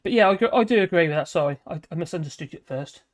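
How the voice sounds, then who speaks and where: A woman's voice: on the low side, animated, very fast. An older woman, hosting a live stream and chatting casually with viewers in a rambling, jokey, cheeky way.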